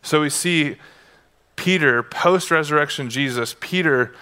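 A man preaching a sermon with a bright, forceful edge to his voice, sitting a little higher than most men. He keeps it loose and conversational, slipping into playful asides between scripture readings. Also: a little slow, smooth. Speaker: pastor. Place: church.

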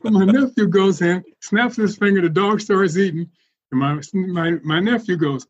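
A man telling animated stories as a podcast guest, laughing often as he goes. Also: sits high, normal speed, slightly rough, dull audio. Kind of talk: casual storytelling.

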